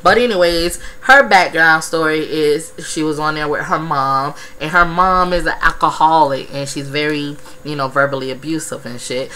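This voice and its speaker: A woman's voice: low voice, normal speed, hardly any pauses, pushed and bright, rough recording. A woman giving a blunt, profane, gossipy recap of a reality show episode. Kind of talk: casual recap vlog.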